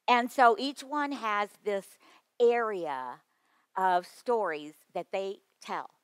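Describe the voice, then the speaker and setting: A woman leading a conference workshop on children's ministry, playful and lively as she talks straight to the room. Her voice is bright and forceful, and the recording is dry and close. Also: medium pitch, no echo. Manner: lively, playful, addresses the audience directly.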